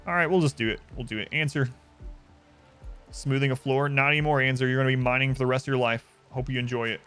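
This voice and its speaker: A man's voice: medium pitch, steady tone, fast talker, a bit bright, clear, resonant tone. A male game streamer with a mid-range voice, talking casually and wryly as he plays. He rambles, reacts to the game and answers viewers in loose, offhand commentary, with faint music underneath. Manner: rambling, wry, chatting to viewers.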